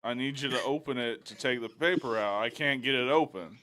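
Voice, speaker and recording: A man co-hosting a podcast, telling a story in animated, profane casual banter. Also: mid-range voice, brisk. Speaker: podcast co-host.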